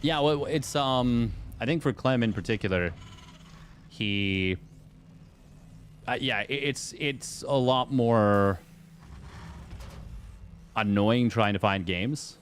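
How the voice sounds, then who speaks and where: A medium-pitched man speaks slowly with long pauses as he casts a strategy game tournament on stream, with slight background noise behind him. He drifts through fillers and restarts while reading and answering viewers' chat.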